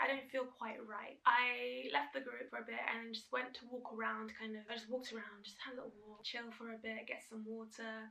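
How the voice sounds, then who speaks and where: A woman's voice: on the high side, gravelly, sharp tone, echoey room, far from the mic, rough recording. A young woman telling a personal story to camera in a chatty way, full of fillers and restarts. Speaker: vlogger.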